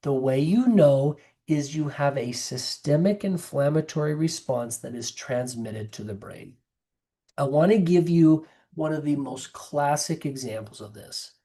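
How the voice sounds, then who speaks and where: A man's voice: a little high, dark tone. A man, a nurse practitioner, giving a presented health lecture and explaining things step by step through patient stories.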